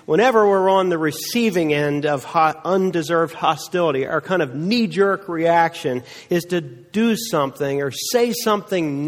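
A man preaching a sermon, telling stories earnestly with dramatic pauses. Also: a little high. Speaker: pastor. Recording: long reverb of a large hall.

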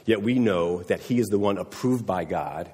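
A man's voice: fairly low pitch, normal speed, darkish tone, slightly rough, big-room sound. A man preaching a sermon in a conversational way, often checking in with his listeners. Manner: conversational, often asking "right?". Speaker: pastor.

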